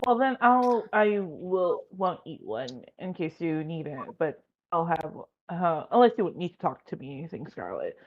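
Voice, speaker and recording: Lively low-voiced woman playing a tabletop game. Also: a little slow, muffled recording. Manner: hesitant, thinking aloud. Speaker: player. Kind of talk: casual tabletop game chat.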